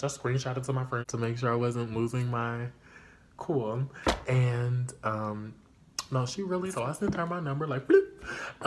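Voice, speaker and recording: A young man telling a casual storytime vlog, slangy and full of fillers, leaping into a high excited voice when he quotes himself. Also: noisy background. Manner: animated, jumps to high excited pitch when quoting himself; loose slangy chat with many fillers. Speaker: storyteller vlogger.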